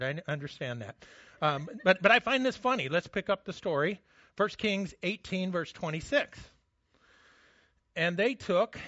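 A man's voice: fairly high pitch, a bit bright, no echo, muffled recording. A man preaching a sermon in a casual, joking way, often restarting his sentences. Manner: conversational, self-mocking humor, frequent restarts. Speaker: pastor.

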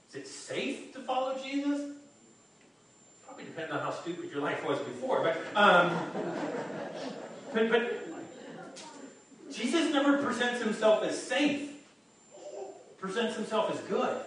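A male pastor delivers an animated sermon, stumbling over repeated words as he pushes on. His fairly high voice rings around a very echoey church hall and is picked up from a distance. A faint hiss sits under it. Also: measured pace, pauses often.

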